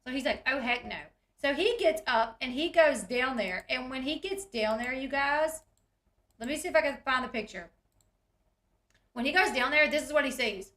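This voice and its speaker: A woman's voice: sits high, normal speed, pushed and bright, roomy sound. A woman, retelling reality TV scenes in a chatty, giggly way and acting out the quotes. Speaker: recap host. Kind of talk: casual reality TV recap.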